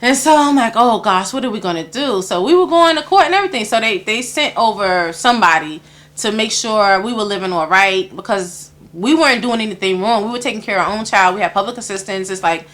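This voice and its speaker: A woman's voice: mid-range voice, expressive, fairly quick, a bit bright. A woman tells personal stories in an interview. She laughs often and acts out the voices of the people she quotes. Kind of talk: personal storytelling.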